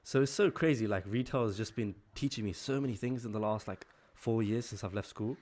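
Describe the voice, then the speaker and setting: A young man in his early twenties with a slightly low voice talks through a casual story-time vlog. He speaks in a chatty, exasperated way and leans on "like" as a filler. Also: brisk, darkish tone. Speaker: vlogger.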